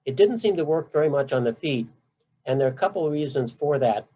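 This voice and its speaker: Man giving a relaxed medical talk. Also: on the high side, quick pace, breathy edge, low-quality recording. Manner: conversational, emphatic, with asides. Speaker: physician lecturer.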